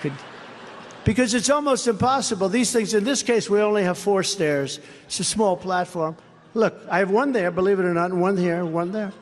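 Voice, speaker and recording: A man's voice: high voice, normal speed. A man giving a sarcastic, repetitive rally speech, rambling from point to point. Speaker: political speaker at a rally. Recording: long reverb of a large venue, faint background noise.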